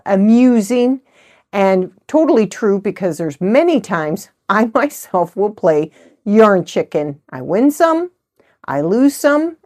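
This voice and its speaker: Woman, middle-aged, mid pitch, chatty and rambling, casual crafting vlog. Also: a little mellow. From United States. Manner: chatty, rambling, good-humored. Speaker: host of a knitting channel. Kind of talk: casual chat.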